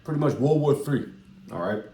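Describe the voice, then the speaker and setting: A man's voice: medium pitch, animated, fairly quick, dark tone, a little hiss or hum. A man giving casual preaching commentary in a loose, repetitive, profane street manner. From United States. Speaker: religious commentator. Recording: echoey room.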